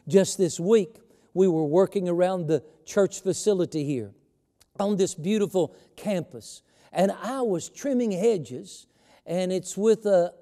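A middle-aged male pastor preaching a sermon in a church, reading scripture with slow, emphatic phrasing. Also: high voice, warm tone. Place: church sanctuary. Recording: long church reverb.

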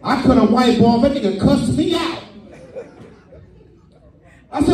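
A man doing a stand-up comedy set on a club stage, loud, profane and working the crowd. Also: very high voice, a little fast, pauses often. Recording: echoey room from far off with loud crowd. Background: audience laughter.

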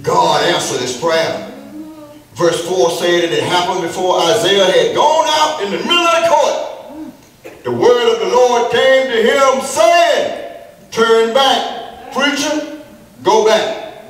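A man preaching a fervent sermon, moving between speaking and shouted, half-sung lines. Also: high voice, expressive, slow, pauses often. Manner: fervent call-and-response preaching, breaking into shouts and chant. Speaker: pastor. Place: church sanctuary. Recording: very echoey church, mic at a distance, music behind.

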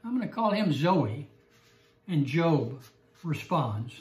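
Bible class teacher, evening lesson, chuckling storyteller, middle pitch, roomy echo. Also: big pitch swings, takes it slowly, a little mellow.

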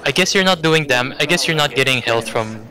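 A man's voice: medium pitch, animated, a little fast, crowd noise. A man chatting casually while gaming, giving his teammates instructions and teasing them dryly. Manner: gives instructions, dry teasing. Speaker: gamer.

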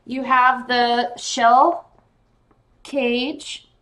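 A woman hosting a casual live-stream jewelry sale, excitable and gushing, calling out viewers by name and sounding giddy and tired late at night. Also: fairly high pitch, very slow.

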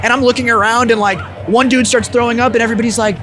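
Young male musician guest with a high voice, loose slangy storyteller, swears freely, soft music underneath. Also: steady tone, very fast. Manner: laid-back, filler-heavy slang with frequent "like" and swearing. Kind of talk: casual storytelling in an interview.

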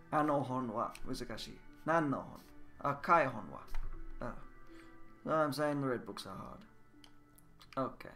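A man giving a casual, patient Japanese lesson, repeating words and drilling them slowly. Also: medium pitch, sharp tone. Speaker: Japanese language teacher. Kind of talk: casual spoken language lesson. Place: indoors at a computer, game voice chat.

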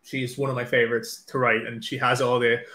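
This mid-range male voice belongs to an Irish author from Ireland who keeps his tone level and speaks a little fast, bright and pushed, with room echo. He chats in a nervous, self-deprecating way, stumbling through many "like" fillers and restarts, and then reads aloud.

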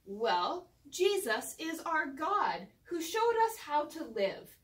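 A woman pastor leading a children's Bible lesson, speaking gently and encouragingly, slowly and clearly. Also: high-pitched, very animated. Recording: roomy sound from a distant mic.

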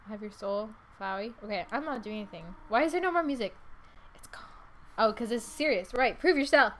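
A woman streamer giving casual let's-play commentary, chatty, reacting loudly and laughing often. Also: fairly high pitch, a little hiss or hum.

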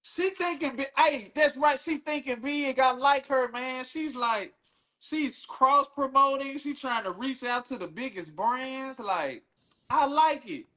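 A man's voice: extremely high pitch, unhurried, pushed and bright. A man hosting a live stream, laid-back, profane and teasing. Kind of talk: casual live-stream chat.

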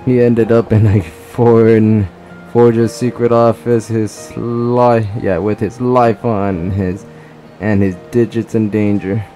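A man's voice: lowish voice, level tone, slow pace, dark tone, soft background music. A man doing a drawling Southern gangster. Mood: earnest. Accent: put-on Southern US drawl. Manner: folksy drawl, reading game dialogue aloud.

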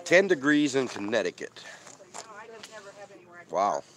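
A man's voice: medium pitch, sing-song, slow, a bit bright, slight background noise. A man casually chatting on a live stream from an outdoor desert campsite, rambling and talking while he eats. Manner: chatty, rambling, reads out viewer comments; talks while eating. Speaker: van-life vlogger hosting a live stream.

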